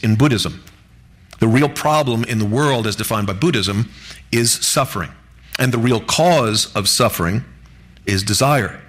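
A man preaching a sermon to his congregation in an earnest, measured way, lifting his voice on key words. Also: medium pitch, fairly bright tone. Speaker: pastor.

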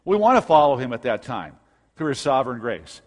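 A man's voice: mid-range voice, very animated, fairly quick. Emphatic man preaching in a reverberant hall. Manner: emphatic preaching, rising to loud bursts. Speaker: pastor. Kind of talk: expository sermon.

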